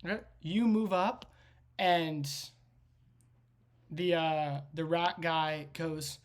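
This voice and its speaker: A woman's voice: low-pitched, fairly even intonation, very slow. A woman game master narrating a tabletop game with vivid, rambling storytelling. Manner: vivid storytelling with frequent restarts.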